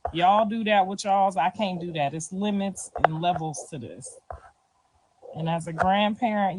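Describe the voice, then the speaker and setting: The recording is low quality with a bit of hiss or hum, capturing a middle-aged woman's lowish voice in a casual street interview. She answers in relaxed slang, frequently checking in with "you feel me" and laughing softly.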